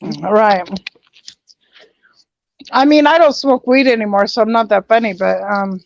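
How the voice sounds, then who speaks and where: A woman's voice: mid-range voice, a little slow, gravelly. A woman hosting a casual online voice chat, swearing freely, stumbling over restarts and laughing things off. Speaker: host. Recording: dull lo-fi sound.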